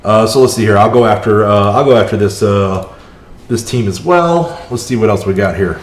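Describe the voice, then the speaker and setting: In a fairly low voice at a normal pace, a man gives live commentary while streaming a mobile strategy game. He chats with viewers and reacts to each move as it happens, and the recording has a roomy echo plus slight background noise.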